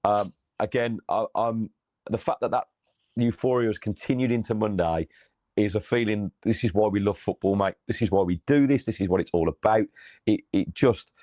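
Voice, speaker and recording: A man co-hosting a football fan show, chatty and excitable, his voice going hoarse. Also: lowish voice, normal speed, dry recording, clean studio sound. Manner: excitable, chatty, calls listener mate. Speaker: co-host of a football fan channel. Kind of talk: casual chat.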